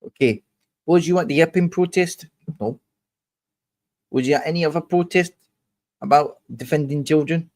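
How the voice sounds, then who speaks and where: Speaking at a moderate pace with long pauses, a young man on a livestream confronts a commenter in an angry, profanity-laced rant. His voice sits a little high and sounds slightly mellow.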